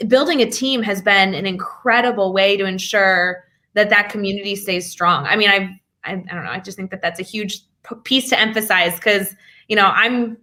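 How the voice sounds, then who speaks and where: A young adult woman talking as a podcast guest, an educator telling stories in an energetic, upbeat way. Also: mid-range voice. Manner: energetic, upbeat storyteller with quick asides. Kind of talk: casual interview chat.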